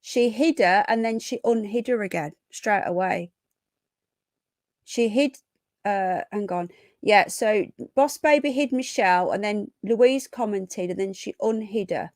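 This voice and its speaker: A woman's voice: medium pitch, measured pace, darkish tone, no room sound, studio quality. Chatty woman live streaming. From England. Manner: chatty, restarts and repeats words, greets viewers by name. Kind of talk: live stream commentary, reading chat.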